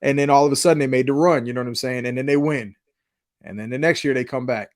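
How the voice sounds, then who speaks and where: A man co-hosting a podcast who tells long, animated stories and acts out what his friends said. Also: medium pitch, fast talker. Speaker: podcast co-host. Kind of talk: casual storytelling chat.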